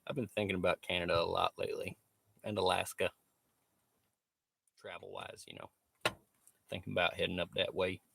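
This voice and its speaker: A man's voice: low-pitched, vocal fry, fairly bright tone. A man chatting casually on a live stream, laid-back, swearing freely and laughing often. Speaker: livestreamer. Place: truck workshop.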